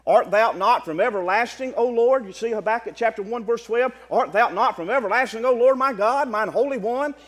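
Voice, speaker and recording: A Baptist preacher, a man, giving a sermon. He moves from quiet asides to loud exclaiming and often repeats words. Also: extremely high pitch, fairly quick, hardly any pauses, in a large hall.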